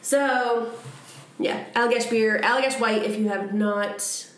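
A woman's voice: on the high side, steady tone, unhurried. A young woman co-hosting a podcast, telling a story in a rambling, chatty way and laughing often. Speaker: podcast co-host. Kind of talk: casual storytelling chat. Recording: echoey room.

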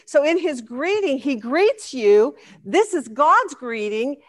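A woman's voice: high-pitched, sing-song, slow pace, hardly any pauses. A woman leading a Bible study lesson, asking the class questions and reacting with enthusiasm.

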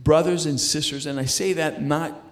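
A man's voice: a little high, fairly even intonation. A middle-aged man sharing a personal faith testimony in conversation. He stumbles and repeats words as he talks. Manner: halting, repeats words and restarts while telling his story.

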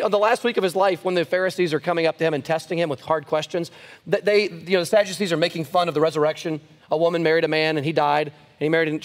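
A male pastor giving a conversational Bible teaching, lively and animated, slowing down to stress scripture and often restarting his sentences. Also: sits high. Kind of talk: sermon-style Bible teaching. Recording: long reverb in a large room.

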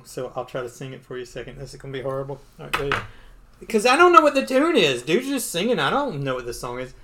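A man's voice: medium pitch, pushed and bright. A man co-hosting a podcast, casually retelling a comic book story. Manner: casual, filler-heavy, playful. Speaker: podcast co-host.

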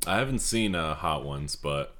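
A man's voice: a bass voice, lively intonation, moderate pace, a crowd in the background. A man co-hosting a podcast, chatting casually with dry remarks. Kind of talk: casual chat.

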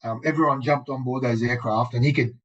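An Australian man telling rambling, profane skydiving stories in casual, animated talk, full of "mate" and "dude". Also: medium pitch, a little fast. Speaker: guest, skydiver. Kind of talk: casual storytelling. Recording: muffled lo-fi audio.

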